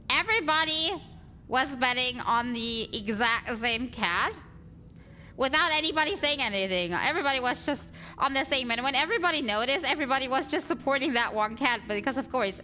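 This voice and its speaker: A woman chats casually while streaming a game, rambling through her thoughts with fillers and little laughs. Her voice is bright and sits a little high. Faint game music plays underneath. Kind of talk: casual livestream chat.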